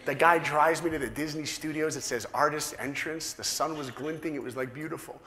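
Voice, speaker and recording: Animated man telling a story in a hall. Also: a little fast. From New York. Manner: animated, acts out dialogue with big pitch swings. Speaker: speaker. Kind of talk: storytelling talk to an audience. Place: large hall. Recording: roomy hall echo.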